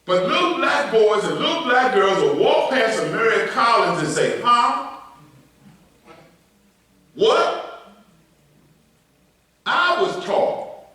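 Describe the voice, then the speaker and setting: Animated preaching man in an echoey church. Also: normal speed, distant mic. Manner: animated preaching, shifting between loud emphasis and low asides. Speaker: pastor. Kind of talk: sermon. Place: church sanctuary.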